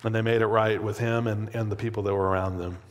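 A man preaching a sermon in a relaxed, conversational way, with plenty of casual fillers. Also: lowish voice, fast talker. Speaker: pastor. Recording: long hall reverb.

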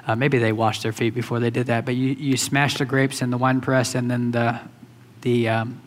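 A man preaching a sermon in a loose, conversational way, with many fillers and restarts. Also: mid-range voice. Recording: hall reverb.

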